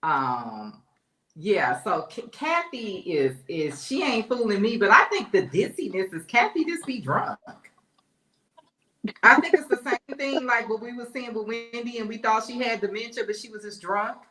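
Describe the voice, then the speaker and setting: Bright-voiced woman telling stories in an echoey room. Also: fairly high pitch, lively intonation, moderate pace. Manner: storytelling, informal dialect. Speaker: panelist. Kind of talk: casual gossip chat. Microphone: remote call.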